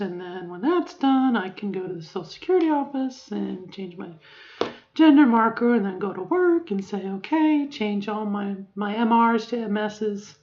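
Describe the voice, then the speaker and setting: A middle-aged woman talking in a casual video diary, reflective and rambling, full of fillers and restarts. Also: mid-range voice. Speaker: vlogger. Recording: dull lo-fi audio.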